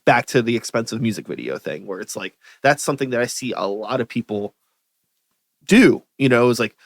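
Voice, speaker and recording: A man's voice: mid-range voice, expressive, a little fast, dry recording. A man with a Pittsburgh accent hosting a podcast, talking things over in a reflective, rambling way. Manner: reflective, rambling, heavy use of like. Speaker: podcast host. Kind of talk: casual interview chat. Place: podcast studio.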